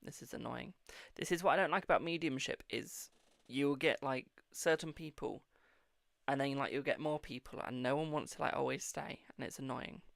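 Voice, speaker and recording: A man's voice: medium pitch, moderate pace, vocal fry, a bit bright, no echo, clean studio sound. A man hosting a live-stream psychic reading, chatting casually and affectionately calling viewers boo and darling. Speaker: psychic tarot reader and host.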